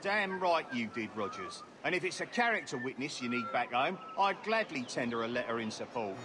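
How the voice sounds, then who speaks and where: A man playing a hearty loyal gentleman. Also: mid-range voice, very animated, brisk, background noise, close to an everyday voice. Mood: supportive. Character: loyal gentleman guest backing the governor. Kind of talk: video game dialogue.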